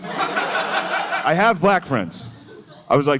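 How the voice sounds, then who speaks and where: A male stand-up comic rambling through his set, his voice swinging up and down with lively pitch. The live room carries clear noise from the crowd around him. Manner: loose, rambling delivery full of "like" and quick impressions. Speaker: stand-up comedian. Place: comedy club stage with laughing audience.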